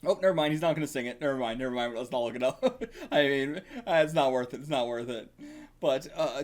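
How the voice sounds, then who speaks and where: A man's voice: medium pitch, fast talker. A man hosting a casual manga reaction, reading pages aloud and laughing often. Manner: giggly, excitable, often laughing.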